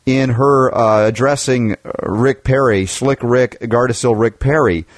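A man's voice: mid-range voice, measured pace, no room sound, studio quality. A man hosting a political talk radio show, chatting with a guest in an opinionated, rambling way with many restarts.

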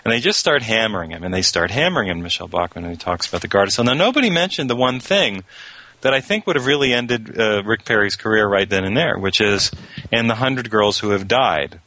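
A man as a guest on a talk radio show, telling stories sardonically and mocking politicians with quick impressions. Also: on the low side, animated, bright, forceful tone, rough recording.

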